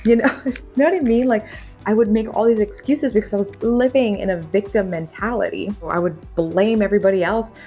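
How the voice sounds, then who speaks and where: A woman's voice: medium pitch, brisk, dark tone, faint music behind. A young woman vlogging to camera, telling her story in a candid, chatty, self-deprecating way and laughing often.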